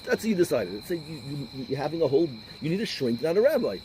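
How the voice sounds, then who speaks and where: A middle-aged man, a rabbi, giving an informal talk full of stories, combative and animated, sprinkling in Yiddish and Hebrew words. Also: on the high side, fairly quick, slight background noise, rough recording. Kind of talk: informal lecture with storytelling.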